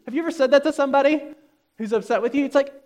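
A man with a notably high-pitched voice preaching a sermon. He speaks emphatically, putting rhetorical questions to the congregation. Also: very fast, a little mellow. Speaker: pastor.

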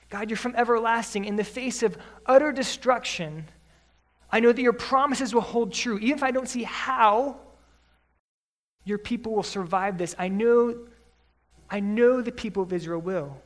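A man preaching an expository sermon as a Bible teacher, reading scripture slowly, then explaining it conversationally with earnest, rising emphasis. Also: sits high.

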